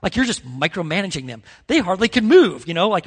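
A man delivers a sermon in an earnest, conversational way, often restarting his phrases. His voice sits high for a man. It rings with the long reverb of a church sanctuary. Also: very animated, quick pace, hardly any pauses, fairly bright tone. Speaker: pastor.

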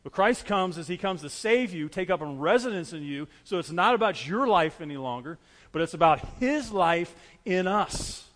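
High-voiced preaching man in a reverberant hall. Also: animated, moderate pace, a bit bright. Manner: earnest preaching with repeated phrases and illustrations. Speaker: pastor. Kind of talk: sermon.

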